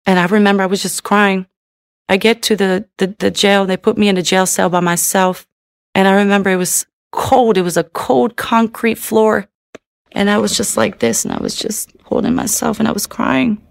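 Woman, creaky gravelly voice, dry close sound, earnest halting testimony. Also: medium pitch, steady tone, no echo. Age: adult with a daughter. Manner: earnest and halting, with frequent "you know" fillers. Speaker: person sharing a personal testimony. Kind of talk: personal testimony.

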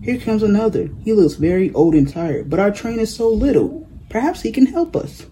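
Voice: medium pitch, big pitch swings, moderate pace, mellow, slight background noise, lightly acted, poor audio. A hopeful little toy clown, as a storybook reader puts him on. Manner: eager, encouraging calls.

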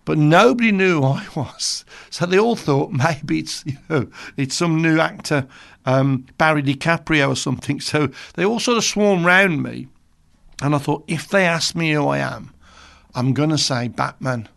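A man's voice: fairly high pitch, normal speed, creaky, a bit bright. A middle-aged man from Birmingham with a Birmingham accent, a radio presenter rambling through jokey stories between songs. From England. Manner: chatty, jokey, rambling storyteller. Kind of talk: casual radio chat.

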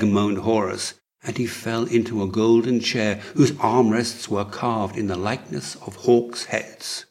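A man narrating a historical story in a measured, dramatic way, as an audiobook. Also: fairly low pitch, fairly even intonation, a little mellow, husky.

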